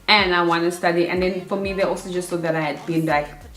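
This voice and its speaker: A young woman from Africa, giving casual advice in a chatty, animated way and acting out her own past nerves. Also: fairly low pitch, quick pace. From South Africa. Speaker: vlogger. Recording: echoey room.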